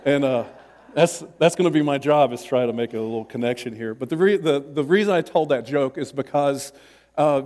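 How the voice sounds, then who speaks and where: A man's voice: medium pitch, darkish tone, long reverb tail. A man pastor preaching a sermon in a church, chatty and self-deprecating, with many restarts.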